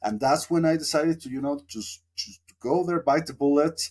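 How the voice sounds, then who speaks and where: A man's voice: a little high, normal speed, a little mellow. Man telling a story, many fillers. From Mexico. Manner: reflective, rambling with many fillers. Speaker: podcast guest. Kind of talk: casual storytelling interview.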